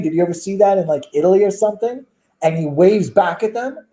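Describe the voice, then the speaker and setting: A man with a high, sharp, bright voice talks in a casual chat. He argues his views with emphasis and keeps firing rhetorical questions. He sounds opinionated throughout. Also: a little fast. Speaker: guest.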